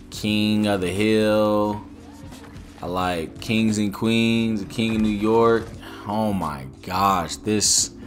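A young man commenting on a game pack opening, rambling and joking, with slang and exasperated outbursts. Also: on the low side. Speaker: gaming YouTuber.

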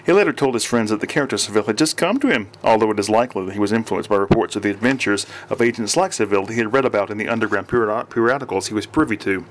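A man narrating an audiobook with steady reading and occasional slips and restarts. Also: on the low side, rapid-fire, hardly any pauses, slight background noise.

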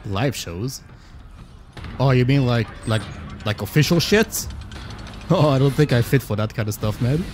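Male streamer, lively swooping pitch, excitable and profane, mid-range voice. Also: measured pace, pauses often, faint music behind. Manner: excitable, swearing, yelps at the action. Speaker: gaming streamer. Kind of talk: casual live-stream commentary while playing.

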